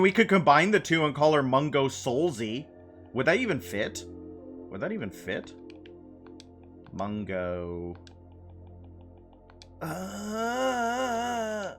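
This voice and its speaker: A man's voice: on the high side, fairly bright tone. A man live-streaming a game, chatting playfully with his chat, laughing and repeating phrases. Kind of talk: casual live-stream chat while gaming.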